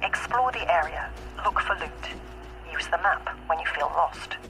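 An in-game guide who hands out mission instructions at a slow, deliberate pace. His voice sits somewhat high, and game music runs clearly behind him. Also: animated, rough recording. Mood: instructing.

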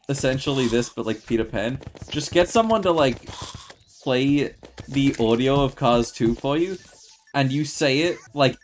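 A man's voice: medium pitch, a little hiss or hum. A man chatting casually while gaming, laid-back, swearing and filling with "like.". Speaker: streamer.

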